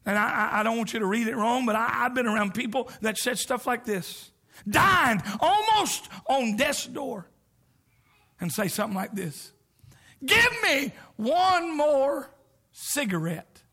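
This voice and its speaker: A middle-aged man preaching a sermon as a visiting preacher, with whoops and shouts that drop to near whispers. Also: extremely high pitch, expressive, normal speed, gravelly.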